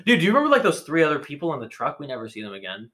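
Bright, laughing young man chatting. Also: on the high side, huge pitch swings, rapid-fire. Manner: profane, laughing, filler-heavy. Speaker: podcast co-host. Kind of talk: casual chat.

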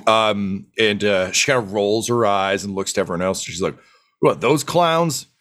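A man's voice: lowish voice, fairly even intonation, moderate pace, a bit bright. A man narrating a tabletop game as dungeon master, rambling with many fillers.

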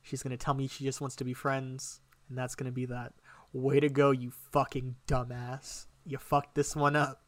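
A young man casually telling a personal story on a podcast, animated and emotional, swearing often. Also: mid-range voice, normal speed, no echo. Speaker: podcast co-host.

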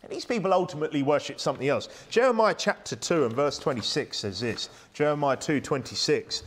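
A man's voice: fairly high pitch, big pitch swings, brisk, few pauses. A British man preaching a sermon in an emphatic, conversational way, full of rhetorical questions. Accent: British English. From United Kingdom.

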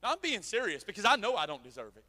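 High-voiced preacher guy at a revival, goes loud then real quiet, church mic. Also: sing-song. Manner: loud, impassioned, swings between shouting and quiet asides; repeats words in rapid runs. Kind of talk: sermon. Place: church sanctuary with a sound system. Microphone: handheld or stand microphone, volume adjusted by the sound man.

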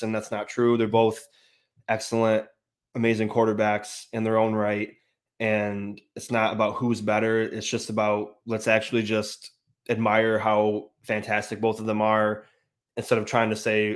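Subdued, halting man hosting a fan show. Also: lowish voice, monotone. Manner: subdued, halting, many restarts and sighs. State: grieving, emotional. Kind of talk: casual sports podcast talk.

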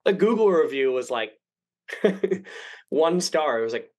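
A young man in casual podcast chat, telling profane stories quickly and acting out the people in them. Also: fairly high pitch. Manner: fast, profane storytelling with animated impressions.

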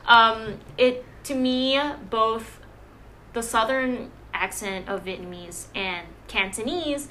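A young woman from Hawaii in casual chat, an animated, self-deprecating storyteller who fills her talk with "um" and "like". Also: a little high, takes it slowly.

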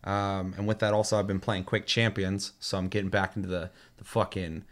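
A man with a fairly low voice talks through a casual gaming chat as host. He rambles through his stories and swears freely. The talk is loose and unscripted. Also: little pitch movement, a little fast. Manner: profane, rambling storytelling.

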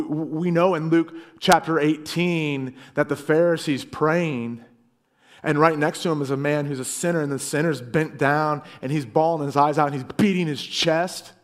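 A middle-aged male pastor delivers a sermon in an earnest voice. He presses hard on key phrases, then sinks to quiet, low lines when reading scripture. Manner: earnest, swings between loud emphasis and quiet lows.

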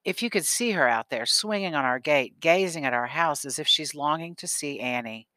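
A man voicing a kind, worried mother in an audiobook, speaking in a gentle, pleading manner. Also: fairly high pitch, lively intonation, moderate pace, no room sound.

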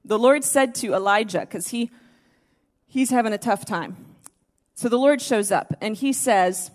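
Female pastor, higher voice, mid-sermon; intimate near-whispers that build to emphatic, passionate appeals. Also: measured pace, big-room sound. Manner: swings from hushed near-whispers to emphatic raised exhortation. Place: church service before a congregation.

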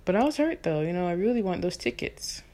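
Chatty woman from Texas, low-pitched. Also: quick pace. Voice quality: soprano singer. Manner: animated, chatty, lots of fillers. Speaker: vlogger. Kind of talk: casual storytelling.

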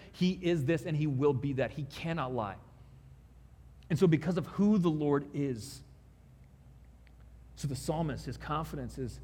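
A man's voice: fairly high pitch, darkish tone, slightly rough. A man preaching a sermon in a casual, conversational way, building up to emphatic peaks. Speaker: pastor. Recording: long hall reverb.

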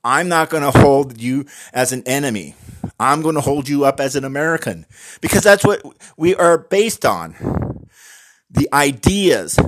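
A man giving an earnest, emphatic opinion talk, speaking directly to the listener and slowing down to stress key words. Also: on the high side. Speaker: Christian commentator on voting.

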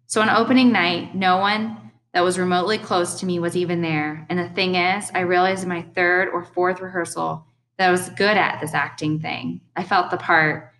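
A young adult woman reading a first-person audiobook in a steady, earnest storytelling manner. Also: lowish voice, normal speed, few pauses, rough recording. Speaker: audiobook narrator.

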